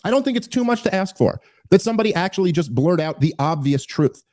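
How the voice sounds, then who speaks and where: A man hosting a podcast, giving casual political commentary in an animated, emphatic way with frequent restarts and fillers. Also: high voice, quick pace, dry recording. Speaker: podcast host.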